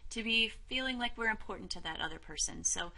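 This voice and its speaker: A woman instructor calmly explaining a listening lesson in a measured, encouraging way. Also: fairly high pitch, poor audio. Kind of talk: explaining a role-play lesson to camera.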